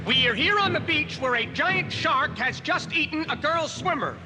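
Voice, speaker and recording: A man's voice: very high-pitched, expressive, normal speed. An actor playing an eager male news reporter on a beach, in a 1970s novelty record skit, reporting urgently. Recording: reverberant old record with loud music.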